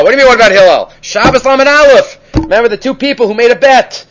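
A man teaching a Talmud class, retelling stories animatedly with frequent Hebrew and Aramaic terms and quick asides. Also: very high-pitched, fairly bright tone, slight background noise. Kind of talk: Talmud lecture with storytelling.

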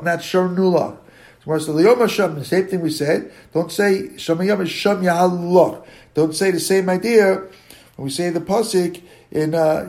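High, gravelly-voiced man teaching Talmud. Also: a little mellow. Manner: slowly sounds out words to show their pronunciation; halting, circling back to rephrase. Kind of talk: daily Talmud class.

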